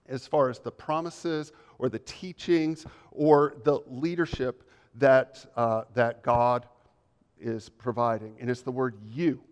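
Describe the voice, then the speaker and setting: A male pastor delivers a measured, emphatic sermon full of repeated phrases. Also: medium pitch, steady tone, clean tone. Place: church sanctuary. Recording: long reverb of a church hall.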